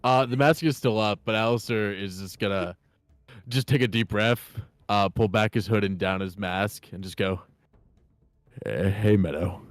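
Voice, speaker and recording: A man's voice: fairly low pitch, moderate pace, clean tone, no echo. A man playing a tabletop role-playing game, joking, swearing often and laughing between lines. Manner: swears often, laughs a lot, talks in and out of character. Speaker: player. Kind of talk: tabletop role-play banter.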